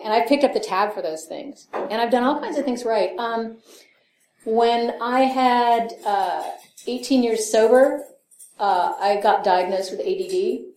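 A woman's voice: a little high, slow pace, a little mellow, roomy sound, a little hiss or hum. A middle-aged woman speaking candidly at a recovery meeting, swearing freely, laughing often and acting out the voices of people she quotes. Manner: profane, self-mocking, laughs often, acts out quotes. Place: meeting hall.

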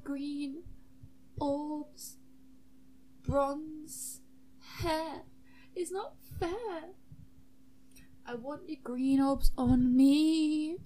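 Woman playing an earnest awkward bard, hesitant, crooning drawn-out lines, high-ish. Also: warm tone, slight background noise. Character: earnest awkward bard singing a silly love song.

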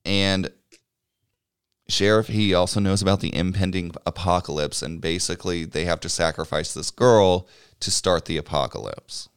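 A man's voice: sits low, normal speed, clear, resonant tone, no room sound, clean studio sound. A man chatting casually, recapping a movie at a meandering pace, swearing and chuckling as he goes. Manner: rambling and swears freely, chuckling while recapping.

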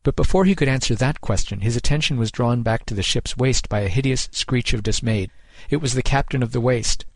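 A man giving measured, scripted narration of a short story, close on the mic. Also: mid-range voice, no room sound.

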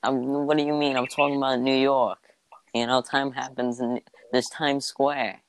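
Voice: medium pitch, level tone, normal speed, no echo, poor audio. A voice actor co-hosting a podcast in casual chat, playful and jokey.

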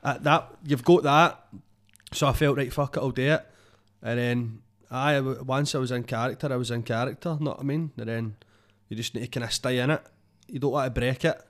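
A young man with a Scottish accent talks loosely on a podcast, circling back and checking in with his listener. His voice sits at an ordinary middle pitch. The chat is sweary and unpolished. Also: normal speed. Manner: sweary, rambling, says "know what I mean" a lot. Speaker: comedian guest.

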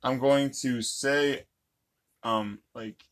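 A man's voice: mid-range voice, steady tone, drawn-out words. A man in casual, playful chat, laughing often while hosting a game. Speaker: co-host. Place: indoors, sitting on the floor.

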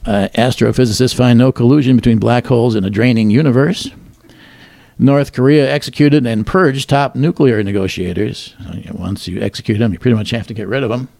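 A man with a gravelly, mid-range voice delivers comic headlines with a deadpan, wry touch. He banters between the items in a plain, unhurried way. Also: medium pitch. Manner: dry, wry delivery with chuckles. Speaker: comedy show host. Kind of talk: deadpan joke news reading with banter.

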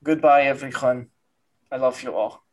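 A man's voice: mid-range voice, moderate pace, a little mellow, pitched below the performer's own voice, close to an everyday voice. Male improviser as a dramatic Eastern European doctor; put-on Russian-Ukrainian accent, fatalistic grand speeches. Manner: broken grammar, grandiose doom speeches. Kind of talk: improv scene.

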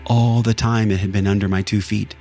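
A man's voice: lowish voice, flat delivery, brisk, warm tone, faint music behind. A man hosting a podcast, telling a personal story in an earnest, emotional, reflective way. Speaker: podcast host.

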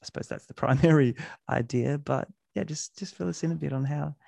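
A man's voice: on the high side, brisk, gravelly, mellow, no room sound. Man, podcast host, rambling questions, sarcastic asides, dry close sound. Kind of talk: casual interview talk.

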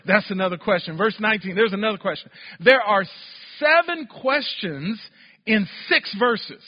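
A man's voice: high voice, slightly rough. A male pastor preaching a sermon, calling on the congregation to respond and building to emphatic peaks. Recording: dull, roomy church hall sound.

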